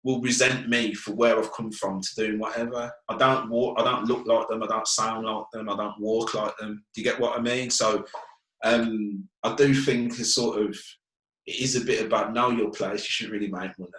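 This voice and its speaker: A frank man from Birmingham, England, a fitness business owner, is a guest in a casual conversational interview in an echoey room. His fairly low voice has little pitch movement, normal speed, and a slight brightness. Earnest, he keeps asking "do you get what I mean."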